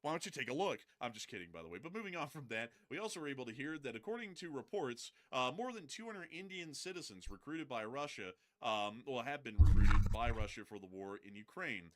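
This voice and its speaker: A man hosts a casual live news commentary stream at an ordinary, mid-range pitch. He slips joking asides into the updates. He corrects himself quickly when he gets a detail wrong. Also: big pitch swings.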